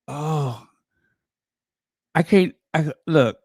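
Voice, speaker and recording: A man hosting a live stream, gushing excitedly to his viewers. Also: on the high side, very slow, pauses often, dry recording, studio quality. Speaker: channel host.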